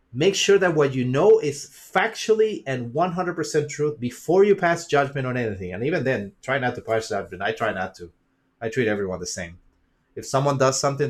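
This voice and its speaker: A man vlogging casually to his viewers, rambling and repeating himself as he lectures emphatically and swears freely. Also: mid-range voice. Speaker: YouTuber and streamer. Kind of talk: casual vlog monologue.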